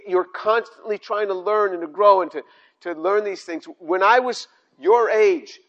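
An older man preaching with a high, lifted voice. He presses each point hard, repeating phrases and stumbling into restarts. The sound is slightly dull and lo-fi. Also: fairly bright tone. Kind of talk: sermon on scripture.

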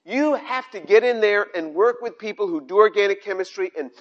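An older man preaching with a high, lifted voice. He presses each point hard, repeating phrases and stumbling into restarts. The sound is slightly dull and lo-fi. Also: brisk. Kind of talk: sermon on scripture.

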